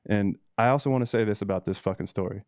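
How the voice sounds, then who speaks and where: Male cannabis breeder, dark mellow voice, profane and heated, casual vlog rant. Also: lowish voice, quick pace, no echo, clean studio sound. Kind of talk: casual ranting vlog monologue.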